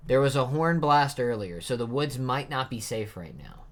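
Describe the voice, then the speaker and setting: A man's voice: medium pitch, very animated, normal speed, pitched above the performer's own voice, lightly acted. A man reading aloud as a cheerful, teasing young woman, lifting his voice for her lines. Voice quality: raised, bright reading voice. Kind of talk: manga read-aloud voice.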